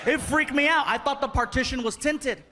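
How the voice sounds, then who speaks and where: A man with a high-pitched voice tells a stand-up comedy story on stage. He delivers it with animation, acting out the people in it. The live audience laughs loudly, and venue noise sits under his voice. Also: fairly quick, a crowd in the background.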